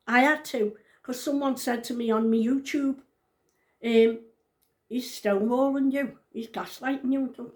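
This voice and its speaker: A woman's voice: on the high side, normal speed, a little mellow. A woman in her sixties telling her story to camera in a casual vlog. She is blunt and outspoken, swears freely and repeats her points for emphasis. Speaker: vlogger.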